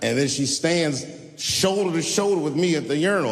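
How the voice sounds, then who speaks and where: Speaking fairly quickly in a voice on the high side, a fifty-something stand-up comedian tells stories conversationally to a live audience at a large venue. He animatedly leaps into other voices without warning; hall reverb and faint room noise are audible.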